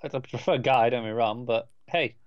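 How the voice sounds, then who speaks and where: A man's voice: medium pitch, normal speed, clean tone, no echo. A man co-hosting a podcast, chatting casually and wryly, chiming in with corrections. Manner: relaxed, wry, chimes in with corrections. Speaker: podcast co-host. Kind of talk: casual chat. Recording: slightly dull lo-fi mic.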